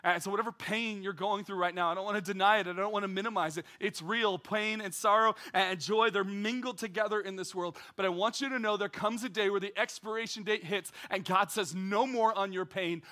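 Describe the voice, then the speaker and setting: Male pastor, sermon delivery, high bright voice, earnest repetitive cadence. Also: fairly even intonation, brisk, hardly any pauses. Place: church.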